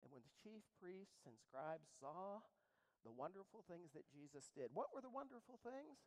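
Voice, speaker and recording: A man preaching a sermon to a congregation, moving from quiet asides to loud, fervent exclamations. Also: high-pitched, big pitch swings, normal speed, poor audio. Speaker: pastor. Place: church sanctuary with congregation.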